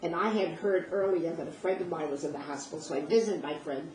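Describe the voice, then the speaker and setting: Here an older woman with a low, slightly mellow voice tells a personal story at a fast clip, bringing it to life with reenacted conversations and strong emotion. A distant mic in a roomy space captures her along with faint noise.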